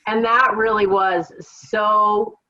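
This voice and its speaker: A woman's voice: mid-range voice, fairly even intonation, slow, muffled recording. A woman from central Washington State, a podcast guest and author, telling her story in a reflective, storytelling manner. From Kittitas Valley, Washington, USA. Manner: warm, reflective storytelling with fillers. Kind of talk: casual interview storytelling.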